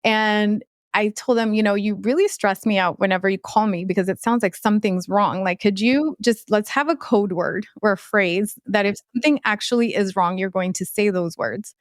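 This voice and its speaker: Smooth-voiced woman telling a personal story. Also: medium pitch, no room sound, studio quality. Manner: halting, searching for words. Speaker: podcast guest. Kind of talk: emotional interview storytelling.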